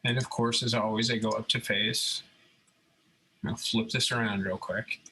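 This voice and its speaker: In a low-quality recording with slight background noise, a man with a fairly low voice leads a CAD tutorial captured from his screen. He's a robotics instructor who speaks at a moderate pace, laying out the steps in a relaxed manner and frequently asking "okay?" to make sure listeners are following.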